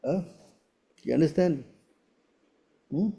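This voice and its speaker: A man's voice: a little high, lively intonation, takes it slowly, creaky, mellow, breathy edge. A man acting as spiritual teacher in a Q&A session, speaking emphatically and keeping checking his listeners follow with short tag questions.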